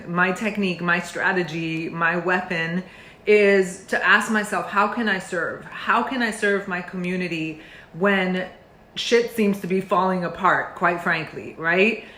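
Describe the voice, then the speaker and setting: A woman's voice: lowish voice, pushed and bright. A middle-aged woman, a meditation teacher, speaking earnestly and with feeling, full of fillers and restarts. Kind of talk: heartfelt talk to camera. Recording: roomy echo.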